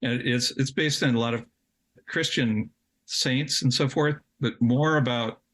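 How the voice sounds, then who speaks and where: A middle-aged podcast guest speaks a little slowly, his mid-range, slightly bright voice keeping fairly even intonation. During the interview he tells a long personal story in a rambling manner, restarting sentences and laughing at himself.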